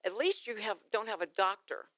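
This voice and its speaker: A woman's voice: mid-range voice, lively intonation, a little fast, a bit bright, dry recording. Chatty woman radio talk show host. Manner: chatty, laughs often, does playful accent impressions.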